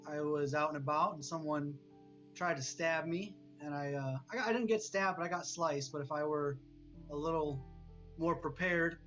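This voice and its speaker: Guy in his 30s, interview guest, chill and matter-of-fact, a bit higher pitched, light guitar in the back. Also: moderate pace, fairly bright tone, muffled recording. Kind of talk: casual interview talk.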